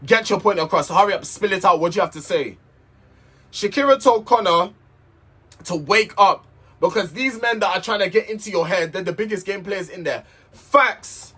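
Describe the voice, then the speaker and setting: A man's voice: sits high, fairly quick, pushed and bright, slightly rough. A man recapping a reality show in a casual, heated, sweary rant, repeating himself as he vents.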